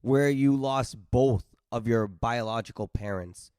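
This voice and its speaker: A man's voice: mid-range voice, measured pace, darkish tone, smooth, no room sound, clean studio sound. A man hosting an interview podcast, friendly and chatty, often restarting his phrases as he tells stories. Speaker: podcast host.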